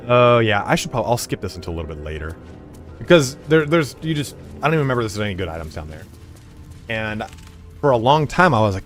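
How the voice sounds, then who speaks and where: A low-voiced man rambles frankly and loosely as he streams a game, his pitch swinging a lot as he talks. Faint game music plays underneath him. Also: big pitch swings, fast talker. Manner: rambling, frank and profane, full of fillers. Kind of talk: casual chat while playing.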